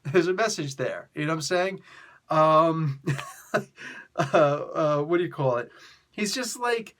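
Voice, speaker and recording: A man's voice: fairly high pitch, takes it slowly. A man casually retelling a comic book story, acting out the characters' lines, coughing and losing his voice. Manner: animated, acts out characters' lines with laughs.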